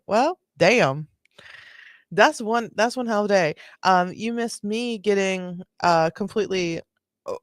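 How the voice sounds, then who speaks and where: A woman's voice: sits low, no echo, studio quality. A woman hosting a live stream, giving casual, chatty reaction commentary full of swearing and laughing asides. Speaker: livestream host reacting to videos.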